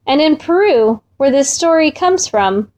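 Woman storyteller, high voice, slow children's read-aloud, gentle and expressive. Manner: gentle, expressive, drawn-out repetitions. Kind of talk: reading a children's folk tale aloud.

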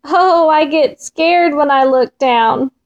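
Woman reading as a small, scared male storybook mole, high and anxious, slow. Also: lo-fi sound. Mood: nervous.

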